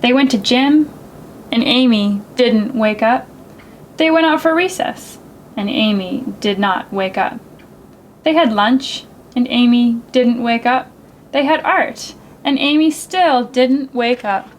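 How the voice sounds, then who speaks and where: A woman librarian reading a picture book aloud to children in a gentle, expressive, sing-song way. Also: on the high side, slow, a little hiss or hum, rough recording. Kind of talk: storytime read-aloud for children.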